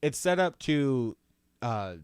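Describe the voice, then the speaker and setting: Smooth-voiced man hosting a podcast. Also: mid-range voice, expressive, slow, a little mellow, dry recording, clean studio sound. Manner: rambling, restarts, laughs along. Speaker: podcast host. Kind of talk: casual podcast chat.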